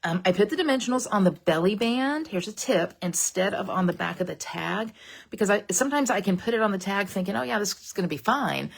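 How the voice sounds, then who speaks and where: A woman's voice: medium pitch, expressive, brisk. A woman demonstrating a papercraft project in a casual, folksy tutorial livestream, chatting straight to her viewers.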